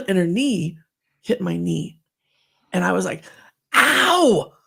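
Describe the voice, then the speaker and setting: A middle-aged woman co-hosting a podcast, telling animated stories in casual chat and acting out the voices she quotes. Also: fairly low pitch, takes it slowly, vocal fry, breathy edge. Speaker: podcast co-host.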